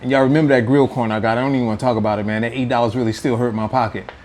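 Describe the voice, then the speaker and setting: A man's voice: medium pitch, fairly even intonation, very fast, darkish tone. A man hosting a casual food vlog, playful and teasing as he talks to viewers at home. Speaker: food vlogger. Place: indoors at home.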